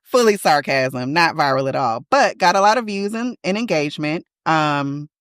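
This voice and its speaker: A woman co-hosting a podcast in casual chat, emphatic and quick to laugh. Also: low-pitched, lively intonation, dry recording, studio quality. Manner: chatty, laughs often, emphatic. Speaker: podcast co-host.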